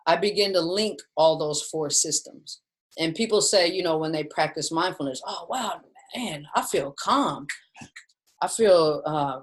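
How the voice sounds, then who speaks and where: A woman's voice: sits low, rough recording. A woman teaching mindfulness in a webinar from her home. She talks in a casual, chatty way and often addresses her listeners as "you guys". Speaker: mindfulness instructor. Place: at home with her dog nearby. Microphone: video call setup.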